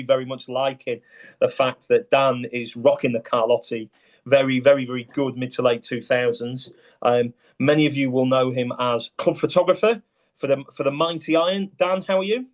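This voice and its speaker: Chatty podcast host. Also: male voice, medium pitch. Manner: chatty, jokey, lots of ums. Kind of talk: casual podcast chat.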